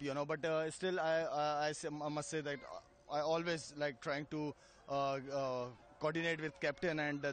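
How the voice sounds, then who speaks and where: Man, cricketer, interview, halting, fillers, raised pitch. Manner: halting, many fillers and restarts. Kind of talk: post-match style interview.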